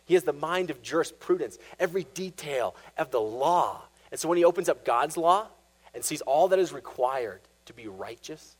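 A man preaching a sermon, animated, acting out quoted voices as he teaches. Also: on the high side, normal speed, low-quality recording.

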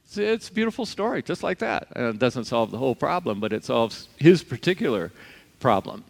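A man's voice: mid-range voice, big pitch swings, fairly quick, creaky. A man preaching a conversational sermon, telling stories and acting out the quoted voices. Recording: long reverb of a large hall.

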